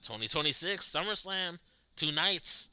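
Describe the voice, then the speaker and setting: Casting note: lively male streamer, very bright tone, pitch swinging a lot, laughs easily, talks to his chat. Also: a little slow, clean tone, no echo. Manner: animated, laughs often, talks to chat viewers. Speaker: livestream host reacting to wrestling. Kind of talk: casual live reaction chat.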